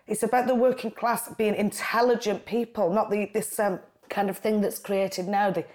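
A woman's voice: mid-range voice, moderate pace. Chatty Lancashire woman storyteller. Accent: Lancashire (Bolton). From Bolton, Lancashire. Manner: lively, chatty storyteller with quoted voices. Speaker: guest, writer and comedian. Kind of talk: casual conversation.

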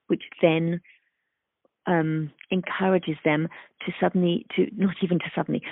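Speech therapist guest, woman, gravelly edge, explains patiently, tinny dry call line. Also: fairly low pitch, little pitch movement, moderate pace, no room sound. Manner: thoughtful, acts out examples in sing-song voices. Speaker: speech-language pathologist guest. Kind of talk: explanatory interview talk. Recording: dry, phone-like remote call audio.

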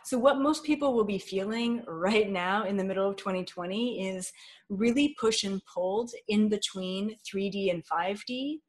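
A woman's voice: mid-range voice, moderate pace. A woman guest in an interview, talking in an earnest, flowing way with many fillers. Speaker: spiritual guest. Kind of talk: spiritual interview talk.

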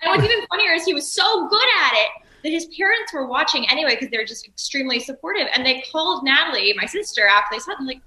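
A woman guest in casual interview chat, telling animated stories and acting out quotes. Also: high-pitched, fast, few pauses, reverberant, poor audio. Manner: animated storytelling, acts out quotes. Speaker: guest, producer of a remote show.

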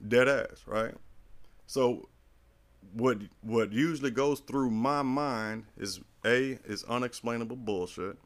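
A middle-aged man in casual chat, telling a long story in a rambling, animated and profane way. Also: medium pitch, slow.

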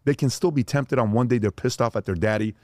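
A man's voice: mid-range voice, fast talker, darkish tone, no echo, studio quality. A man, a father, telling stories as a podcast guest and acting out the voices of the people in them. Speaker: father of young sons. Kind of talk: animated storytelling.

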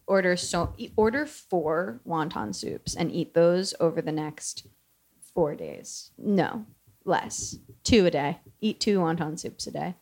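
A woman's voice: on the low side, gravelly. Giggly woman rambling in casual chat. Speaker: podcast co-host.

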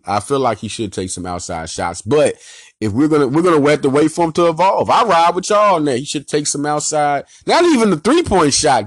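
A man with a Philadelphia accent hosting a sports podcast, ranting in an animated, emphatic, slangy way and repeating his points. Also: on the high side, dry recording, clean studio sound. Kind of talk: casual sports rant.

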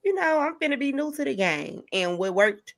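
Animated, laughing woman podcast host. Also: high-pitched, moderate pace, creaky. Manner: laughs often, animated storytelling. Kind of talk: casual chat.

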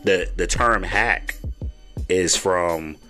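A man's voice: sits low, drawn-out words, sharp tone, soft background music. A middle-aged man from Baltimore with a mild Baltimore accent, hosting a podcast in casual chat and often repeating himself. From Baltimore, USA. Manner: laid-back, repeats himself. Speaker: podcast host.

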